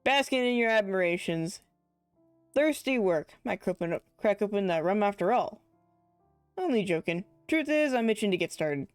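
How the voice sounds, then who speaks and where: A woman's voice: medium pitch, expressive, moderate pace, clean tone, no room sound, faint music behind, natural voice. Brief: woman voicing a smug blacksmith from a fantasy game, light southern twang, dry close sound. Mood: boastful. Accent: slight put-on southern. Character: boastful male blacksmith, fond of rum. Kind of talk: reading game dialogue aloud.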